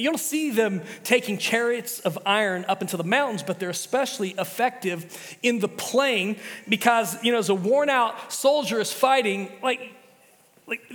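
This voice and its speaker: A man's voice: sits high, fairly bright tone, big-room sound. A man preaching a sermon as pastor, chatty and casual, often restarting his sentences.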